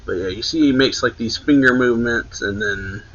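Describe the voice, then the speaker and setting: A man's voice: mid-range voice, normal speed, a bit bright, dull audio. A man casually recapping a manga chapter for a reaction channel, rambling along with lots of "like" and self-corrections. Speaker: anime reaction channel host.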